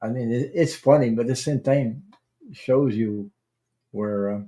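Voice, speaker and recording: A man hosting a tarot livestream, chatting casually and rambling, with halting restarts while he greets viewers. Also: mid-range voice, dark tone. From Canada.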